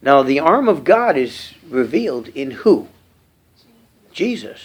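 A middle-aged male preacher teaching a verse-by-verse Bible sermon, reading scripture aloud and then explaining it in plain, halting talk. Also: slightly rough. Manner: repeats and restarts phrases with fillers; lively, swooping pitch.

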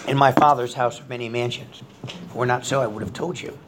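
A man's voice: medium pitch, fairly even intonation, fast talker, background noise. A middle-aged man, a pastor leading a Bible study sermon in a conversational way, reading scripture aloud with rising emphasis.

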